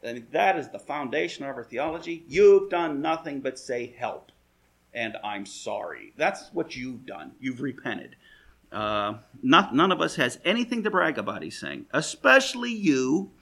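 Male Bible teacher: husky, gravelly mid-range voice, folksy and rambling, dry sarcastic edge. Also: mid-range voice, very animated, moderate pace, fairly bright tone. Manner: folksy, rambling, full of "you know" asides. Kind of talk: conversational verse-by-verse Bible teaching.

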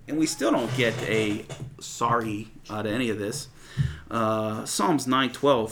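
A man delivers a sermon in a relaxed, talky way, stopping often with "uh" as he reads scripture and unpacks it. His voice sits at an ordinary pitch and carries a gravelly, creaky edge. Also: slight background noise. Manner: conversational teaching with many fillers, quoting scripture aloud. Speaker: preacher.

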